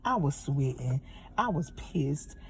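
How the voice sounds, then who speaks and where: A woman's voice: low voice, slow pace, gravelly, a little hiss or hum. Heated woman ranting from her car. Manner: heated, profane, animated retelling. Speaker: vlogger telling a story. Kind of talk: angry storytime rant. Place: parked car.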